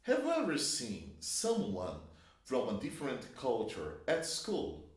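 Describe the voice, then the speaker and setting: A man's voice: medium pitch, huge pitch swings, unhurried. A man teaching English grammar, explaining patiently and drawing out each example sentence. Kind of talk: slow, clear classroom explanation. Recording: echoey room.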